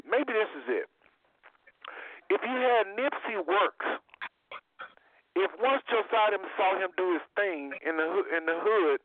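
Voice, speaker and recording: A man hosting a casual call-in radio talk show, speaking in an animated way and repeating phrases for emphasis. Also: high voice, no room sound. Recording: tinny phone line.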